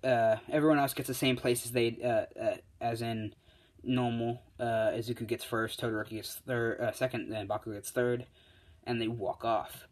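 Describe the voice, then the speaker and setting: A man's voice: mid-range voice, little pitch movement, normal speed. Rambling man retelling a fan story. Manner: rambling, full of fillers and restarts.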